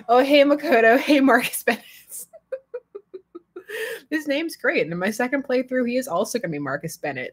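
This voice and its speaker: A woman's voice: medium pitch, slightly rough. A woman hosting a casual live stream, chatty and rambling, laughing often as she answers viewers. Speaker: fandom channel host.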